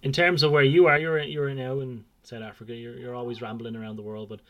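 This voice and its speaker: A man's voice: medium pitch, flat delivery, fast, a bit bright. A man in his thirties with an Irish accent hosting a podcast, talking in a rambling way with many restarts and fillers. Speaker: podcast host. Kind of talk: casual podcast chat. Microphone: video call.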